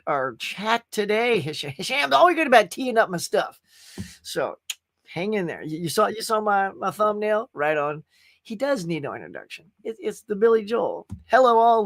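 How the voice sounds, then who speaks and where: High-voiced rambling male stream host. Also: no echo, clean studio sound. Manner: rambling, animated, full of restarts. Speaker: livestream host. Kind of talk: casual live chat reading comments.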